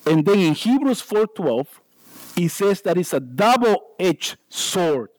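A man with a non-native English accent preaches a sermon in church in a high, sing-song voice at a slow pace. He pokes fun at himself with jokey asides and keeps stammering and restarting his sentences. The recording is rough, with no room sound.

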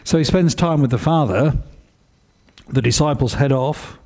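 With a mid-range voice and a moderate pace, a man delivers a sermon in an animated, conversational manner. He frequently asks the people listening questions.

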